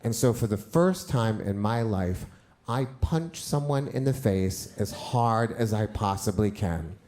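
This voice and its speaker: A middle-aged man telling a first-person story live on stage, animated and getting loud and high at the punch lines, with audience laughter. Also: unhurried.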